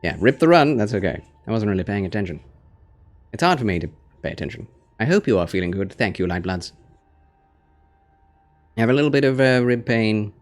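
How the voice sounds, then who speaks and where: A tired young man gently chatting with viewers while streaming a game, soft-spoken and reading chat. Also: lowish voice, lively intonation, brisk, long pauses, faint music behind. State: fatigued. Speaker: gaming streamer. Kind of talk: live gaming stream chat.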